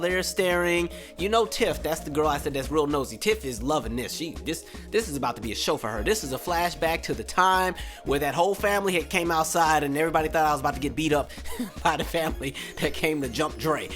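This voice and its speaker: Animated young man telling stories. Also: on the high side. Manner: animated, acts out quotes with raised voice. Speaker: podcast host. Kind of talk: casual storytelling.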